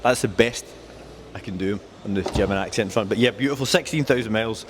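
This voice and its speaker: A man's voice: fairly low pitch, fast, noisy background. A man presenting cars at a dealership in casual, jokey chat, rattling off specs with enthusiasm. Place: car dealership.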